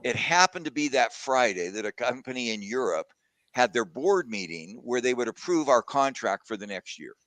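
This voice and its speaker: A man talks through a video call, sharing a personal story in an earnest, reflective way. His voice is close and dry, with no room around it, and his pitch sits in the middle. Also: very animated, moderate pace, no room sound. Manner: warm reflective storytelling, gets emotional. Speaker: guest speaker. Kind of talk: casual conversation on a video call.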